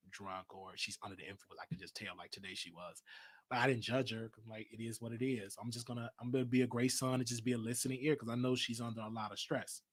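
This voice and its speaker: On his own livestream talk show, a male host with a Southern US accent vents candidly about his family, restarting his sentences often. His voice is medium in pitch with a breathy edge.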